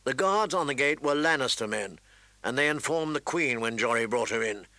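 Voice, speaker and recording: A man's voice: medium pitch, expressive, moderate pace, sharp tone, no room sound. A man voicing a dutiful steward who reports in a polite, matter-of-fact way. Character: dutiful male steward, respectful and plain.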